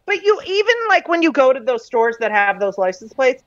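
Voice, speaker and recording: A woman's voice: high-pitched, fairly quick, dry recording, dull audio. A woman, an author and guest on a podcast, telling stories in casual chat and swearing freely. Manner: profane, lively storyteller.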